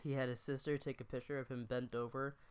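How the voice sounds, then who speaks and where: A man's voice: medium pitch, flat delivery, fast talker, smooth. A young man co-hosting a podcast, telling a rambling story with restarts and laughter. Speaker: podcast co-host. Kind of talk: casual storytelling chat.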